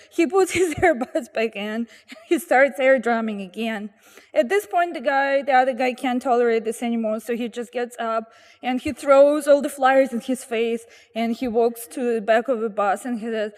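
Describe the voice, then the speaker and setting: A woman telling funny anecdotes outdoors at a street corner, animated and acting out the people she quotes. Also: a little high, normal speed, big-room sound. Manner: animated, acts out quoted voices. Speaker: storyteller guest. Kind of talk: anecdotal storytelling.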